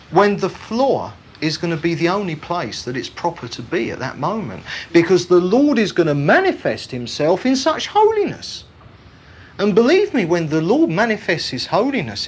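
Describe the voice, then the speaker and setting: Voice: medium pitch, slightly rough. A preacher giving an emphatic Bible teaching sermon, often putting rhetorical questions to the congregation.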